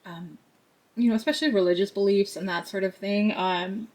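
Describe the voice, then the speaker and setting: A woman's voice: mid-range voice, a little fast, darkish tone. A woman giving a tarot card reading to her viewers, talking in a chatty, earnest way with many fillers and asides.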